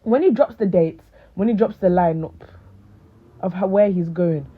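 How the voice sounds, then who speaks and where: A woman's voice: on the low side, moderate pace, husky. Chatty young woman, thin phone-like sound. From United Kingdom. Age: late teens. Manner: animated, rambling, lots of fillers. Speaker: vlogger. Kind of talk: casual chat to camera.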